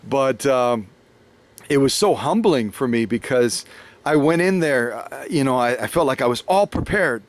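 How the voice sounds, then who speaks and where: A man's voice: mid-range voice, animated, unhurried. An American man with an American accent telling a story in a casual conversation as host, rambling with many fillers and restarts. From United States. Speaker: host, sewing machine restorer.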